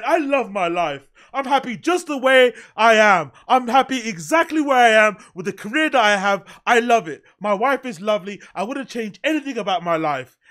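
A man's voice: extremely high pitch, pushed and bright, full character voice. A man with a British accent putting on the inner voice of a bitter, jealous comedian who rants resentfully.

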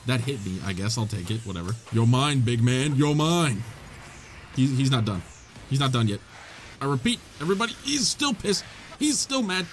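A young man giving excitable let's play commentary, laughing, swearing and reading the dialogue aloud. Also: mid-range voice, a little fast, slight background noise. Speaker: gaming YouTuber. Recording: faint game music behind. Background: faint game music.

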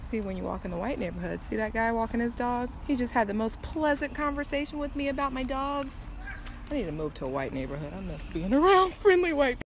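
A woman vlogs into her phone, chatty and freewheeling, her voice swinging up and down with animated energy. Street noise and traffic sit clearly behind her outdoors. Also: on the high side, quick pace. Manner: animated, chatty, swears freely. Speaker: vlogger. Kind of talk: casual phone vlog.

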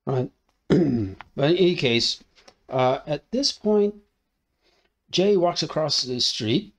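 A man's voice: on the high side, animated, slow. A man giving a casual spoken film review, recapping the plot and tagging his sentences with "right?" between frequent fillers. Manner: conversational, thinking aloud.

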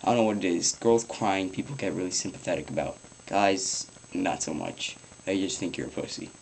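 Rambling teenage boy with a low voice. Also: fairly quick, creaky, a little hiss or hum, rough recording. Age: teens. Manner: rambling, swears casually, lots of ums. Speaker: vlogger. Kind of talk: casual advice vlog.

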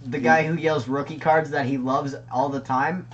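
A man's voice: a little high, fairly even intonation, normal speed, highs cut off, a little hiss or hum. Joking young man teasing his co-host. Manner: joking, teasing, mock-confused. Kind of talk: casual card unboxing chat.

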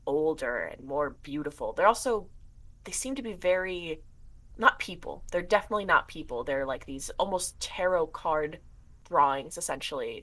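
A woman's voice: low-pitched, fairly bright tone. A young woman narrating a tabletop game as game master, descriptive with many fillers.

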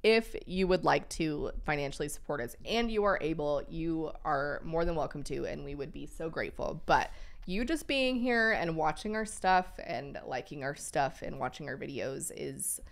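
A woman's voice: low-pitched, lively intonation, moderate pace, vocal fry. A woman co-hosting a podcast live stream, chatting casually in a playful, joking way. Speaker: podcast co-host.

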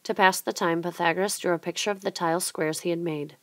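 Brief: woman narrating a children's book, lowish voice, dry close sound. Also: steady tone, fast talker, no echo. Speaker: storybook reader. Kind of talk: reading a children's book aloud.

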